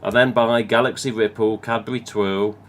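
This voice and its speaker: A man's voice: lowish voice, steady tone, moderate pace. A man with an English Midlands accent hosting a live stream, chatting casually and reading viewer comments, rambling and swearing now and then. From England.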